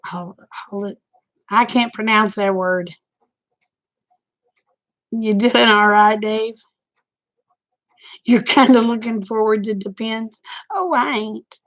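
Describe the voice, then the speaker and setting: Older woman, stream host: folksy, frank, slow storyteller, slightly high voice. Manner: folksy, candid, chatty. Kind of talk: casual chat storytelling.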